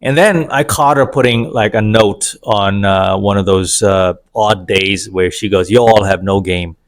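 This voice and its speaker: A man's voice: on the low side, unhurried. Opinionated man telling a dating story. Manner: sarcastic, opinionated storytelling with digressions. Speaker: vlogger. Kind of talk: casual monologue to camera.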